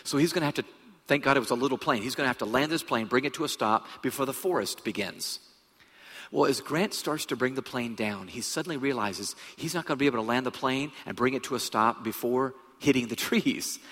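Male preacher, husky, animated storyteller, stage mic in a big echoing church. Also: medium pitch, a little fast. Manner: animated storyteller, swings from hushed to loud. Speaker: guest preacher. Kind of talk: sermon storytelling. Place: large church hall. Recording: long hall reverb.

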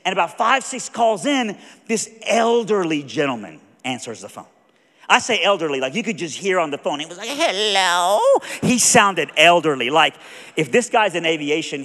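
A high-voiced Southern American man preaches in a folksy, animated way, spinning a story and putting on the other people's voices. His voice rings out with a long reverb from a large hall. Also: normal speed. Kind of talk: sermon storytelling.

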